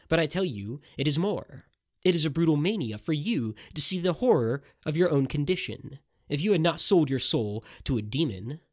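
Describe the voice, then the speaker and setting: A man voicing a grim male captor who slowly condemns his prisoner from the shadows. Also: a little high. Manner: slow, condemning.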